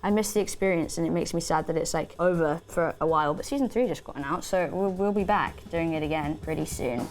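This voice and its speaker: A woman's voice: sits low, fast, hardly any pauses, darkish tone. A British woman, an actor guest, chatting casually in an interview while she paints, scattered and self-deprecating. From Britain.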